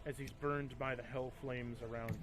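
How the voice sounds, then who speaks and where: A man's voice: medium pitch, fairly even intonation, normal speed. A man acting as game master, narrating a tabletop game, calling out damage and rolls and describing the action.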